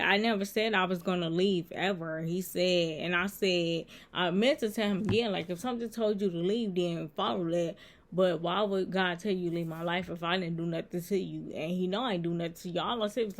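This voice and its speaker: A woman's voice: lowish voice, fairly even intonation, fairly quick. A woman vlogging a casual storytime at home. She retells a text-message exchange line by line, switching back and forth between what he said and what she said. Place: indoors at home, with a laptop nearby.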